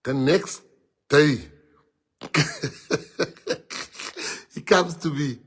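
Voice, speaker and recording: A man's voice: fairly high pitch, drawn-out words, fairly bright tone, breathy edge. A man with a South African accent, a party leader telling a colloquial, laughing story to members.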